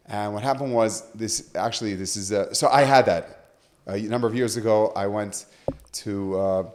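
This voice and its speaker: A man, a rabbi who is a guest on a podcast, telling stories in a lively way and acting out the voices of people he quotes. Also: on the low side. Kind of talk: animated storytelling in conversation.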